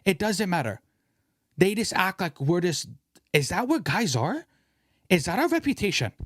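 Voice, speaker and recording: A young man hosting a casual podcast, ranting in an animated way and swearing freely. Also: high-pitched, moderate pace, no echo, clean studio sound. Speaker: podcast host.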